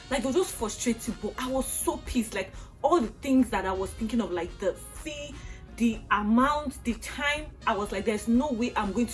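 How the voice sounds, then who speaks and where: A young Nigerian woman with a Nigerian accent, telling a storytime vlog in an animated, exasperated way with acted-out outbursts. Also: on the high side. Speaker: vlogger.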